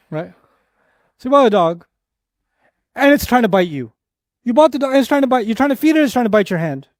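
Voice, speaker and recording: A man giving an Islamic lecture on Quran verses, telling an animated story, repeating phrases for emphasis and reciting Arabic verses quickly. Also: sits high, no room sound, clean studio sound.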